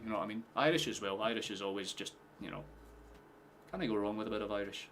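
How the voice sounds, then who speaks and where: A man casually commentating a football match live for his stream, chatty, swearing and quick to laugh. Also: on the low side, a bit bright, slight background noise. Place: home streaming setup with headphones.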